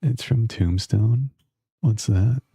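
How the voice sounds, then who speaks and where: Gravelly low-voiced teasing streamer. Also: male voice, slow pace, warm tone, no room sound. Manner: crude, teasing banter with chat. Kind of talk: casual gaming stream chat. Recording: dull lo-fi stream audio.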